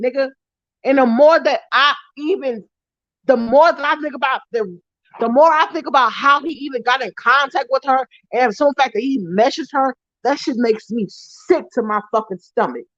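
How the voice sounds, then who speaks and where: A woman's voice: sits high, a bit bright, no echo, lo-fi sound. A woman delivering an angry, profane rant straight to her viewers, repeating herself and swearing hard, her voice breaking as she nears tears. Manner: heated, repetitive, swearing heavily, voice breaking near tears. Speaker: YouTuber ranting to viewers.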